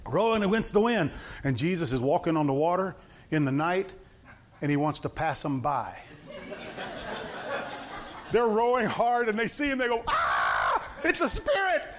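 Animated storytelling preacher, high voice. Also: male voice, moderate pace, pauses often. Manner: animated storytelling, acting out the characters and laughing. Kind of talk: informal sermon.

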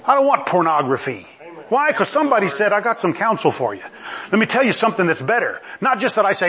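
A middle-aged man delivers a sermon in a lively, conversational style, frequently putting questions to the congregation. His voice is high-pitched and husky, and he talks fast.

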